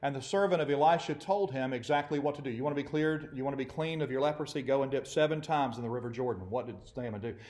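A man preaching a sermon to his congregation, animated and acting out quoted voices. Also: mid-range voice, fast talker, hardly any pauses. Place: church assembly.

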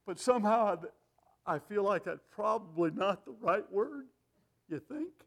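An older man preaching a sermon with an animated, self-deprecating sense of humor, often laughing at himself. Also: high-pitched, normal speed, vocal fry. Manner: lively, animated delivery.

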